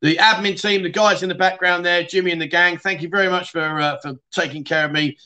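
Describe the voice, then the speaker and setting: A man's voice: high-pitched, steady tone, a little fast, sharp tone. A middle-aged man from the UK hosting a casual livestream, reading out viewer comments in a chatty, blunt way and calling people mate. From United Kingdom. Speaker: livestream host.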